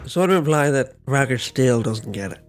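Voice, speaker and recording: A man's voice: mid-range voice, lively intonation, normal speed, soft background music. A male podcast co-host in casual comedic chat, making dry, wry remarks and laughing often.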